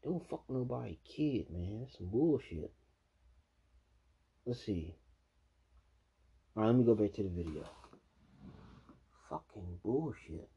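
Man, reaction commentary, heated profane ranting, husky, muffled audio. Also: fairly low pitch, animated, slow, long pauses, warm tone. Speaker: video reactor.

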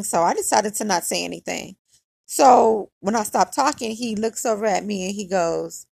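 A woman's voice: mid-range voice, creaky, husky, no echo. A woman telling a personal story on her podcast in a candid, conversational way, with lots of "like". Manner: candid and conversational, heavy use of "like".

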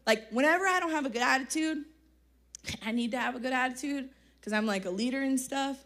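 High-voiced young woman preaching casually. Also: fairly quick, a bit bright. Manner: chatty and slangy, laughs often. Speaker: youth conference speaker. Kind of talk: casual energetic sermon. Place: church conference hall, live audience.

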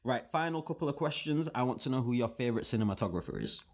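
A man hosting a casual interview, relaxed and steering the questions. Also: medium pitch, quick pace. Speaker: podcast host.

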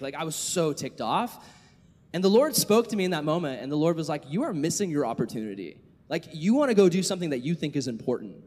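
A young man preaching to a youth group, telling a story with animated delivery and casual filler words. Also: fairly high pitch, fast talker. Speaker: youth pastor. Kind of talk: sermon to youth. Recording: echoey hall reverb.

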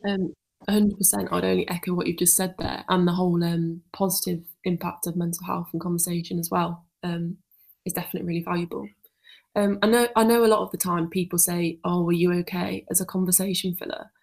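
A woman with a Yorkshire accent hosting a podcast, asking long, careful questions in a measured way. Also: on the low side, level tone, creaky, a little mellow. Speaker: podcast host. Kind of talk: podcast interview.

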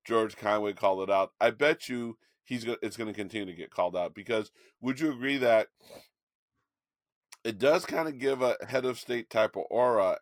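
A man co-hosting a podcast, chatting casually about politics and telling an animated story with frequent restarts. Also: fairly low pitch, no room sound, studio quality. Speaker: podcast co-host.

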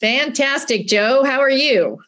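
A woman's voice: sits high, lively intonation, a bit bright. Cheerful woman real estate agent. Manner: cheerful, quick to laugh. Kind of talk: casual chat.

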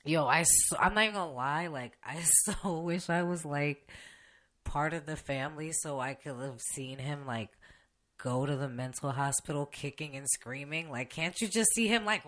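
Young woman ranting on her podcast, bright sharp voice, cussing a lot, laughing as she goes. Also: low voice, moderate pace. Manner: heavy swearing, blunt and opinionated, laughs mid-sentence. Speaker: podcast host. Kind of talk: unedited casual rant. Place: radio station studio.

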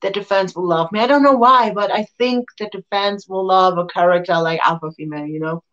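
A woman wrestler, not her first tongue, tells her story with lively energy, jumping up in pitch whenever she acts out what someone said. Her voice sits at an ordinary middle pitch. The audio is somewhat dull and lo-fi. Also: a little fast. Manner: excitable, acts out quotes with big jumps in pitch. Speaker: wrestler, interview guest. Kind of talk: animated storytelling in an interview.

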